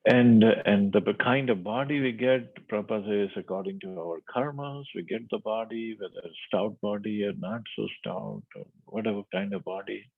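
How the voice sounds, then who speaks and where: A man's voice: lowish voice, vocal fry, breathy edge. A man reading a scripture passage aloud, then explaining it in looser asides, with the narrow sound of a phone line. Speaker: scripture class speaker.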